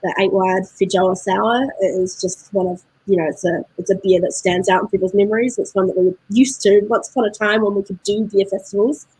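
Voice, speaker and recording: Chatty New Zealand woman, husky voice. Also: mid-range voice, steady tone, brisk, hardly any pauses, darkish tone, no echo, poor audio. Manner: chatty, laughs often, many fillers. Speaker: guest from a beer importer. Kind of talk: casual video-call chat.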